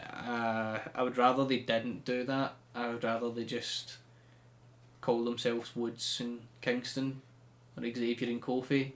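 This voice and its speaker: A man hosting a podcast, telling things in a chatty, animated way with frequent laughs. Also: mid-range voice, a little slow. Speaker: podcast host. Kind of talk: casual chat.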